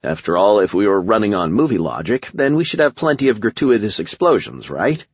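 A man's voice: lowish voice, big pitch swings, brisk, breathy edge, no room sound, muffled recording. A man reading a first-person action audiobook with a wry, sardonic manner. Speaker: audiobook narrator.

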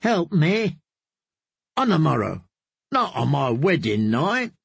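A man's voice: a little high, sing-song, slow pace, vocal fry, slightly rough, no echo, heavily acted. A man voicing a drunken, boastful young male singer who teases and swaggers in an audiobook. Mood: tipsy boastful. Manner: teasing, swaggering.

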